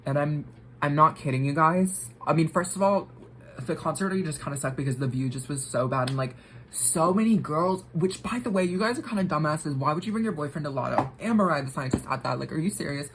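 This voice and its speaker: A woman's voice: low-pitched, expressive, brisk, a little hiss or hum, low-quality recording. A young woman vlogger telling a story while getting ready, rambling with lots of filler words and swearing.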